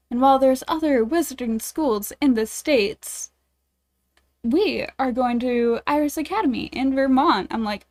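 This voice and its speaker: Bubbly streamer woman, higher voice. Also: measured pace, darkish tone. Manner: bubbly, giggly, self-deprecating. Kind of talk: reading a dating game aloud, chatting with viewers.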